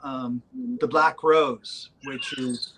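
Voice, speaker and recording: A man in a band, talking casually in an interview, rambling with many pauses and fillers. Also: medium pitch, steady tone, fairly bright tone, a little hiss or hum, poor audio. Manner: rambling, hesitant with many ums. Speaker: band member.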